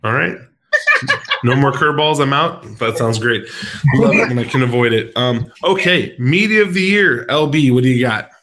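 A man's voice: medium pitch, normal speed, noisy background. A man who coaches sports, hosting a casual podcast chat in an upbeat, playful way with frequent fillers.

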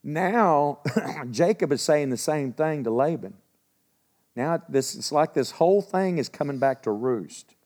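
Teaching from the Bible at a measured pace, a man with a voice on the high side keeps things relaxed and conversational. He often clears his throat and asks listeners questions.

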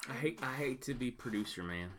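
A woman's voice: extremely low pitch, animated, a little fast, crowd noise. A woman co-hosting and producing a podcast, stammering and wry in casual chat.

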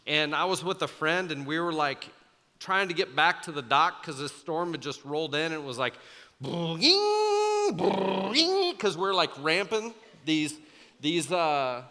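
A young man preaching to students as a youth pastor, telling the story in a casual, animated way with many fillers. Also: a little high, moderate pace. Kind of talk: sermon. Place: church auditorium. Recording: large hall with long reverb, faint music.

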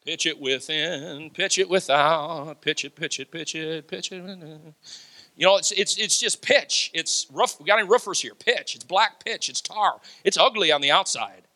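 Male pastor, energetic sermon delivery, bright tone. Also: on the high side, moderate pace. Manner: animated preaching, laughs, acts out quotes.

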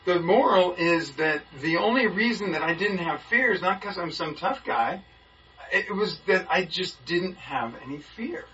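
A man's voice: sits high, measured pace. A man in a Bible study group telling a story with energy, acting out the voices of the people in it. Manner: lively, acts out the people in his story. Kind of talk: animated storytelling in a group discussion. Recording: muffled, from a distance, faint background hiss.

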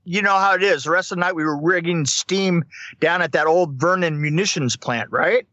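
A man chats and rambles through his story and laughs often. His voice is high and bright. The recording is dry and dull. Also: moderate pace, no echo. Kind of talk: casual conversation.

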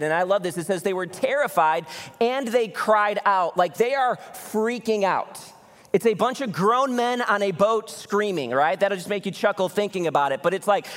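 A male pastor preaching a conversational, animated sermon, often acting out the voices of people in the story. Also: high voice, normal speed, big-room sound. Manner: animated, conversational, acts out voices in Bible stories. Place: church.

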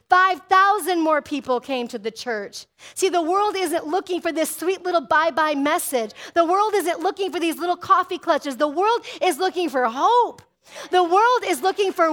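A woman's voice: sits high, a bit bright. A middle-aged woman pastor preaching a fervent sermon, calling out for amens.

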